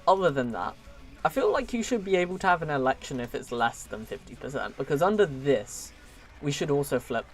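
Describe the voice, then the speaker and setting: A man's voice: fairly high pitch, sing-song, a little fast. A man giving casual, chatty commentary while live streaming a strategy game, laughing often and talking to his viewers.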